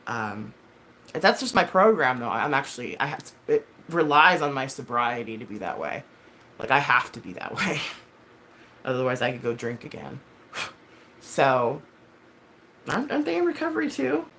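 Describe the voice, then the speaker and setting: A woman's voice: very deep voice, expressive, moderate pace, bright, forceful tone. A woman in her thirties hosting a live stream, chatting casually with viewers in a rambling, blunt and heavily profane way, full of fillers and self-corrections. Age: 30s. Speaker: livestream host.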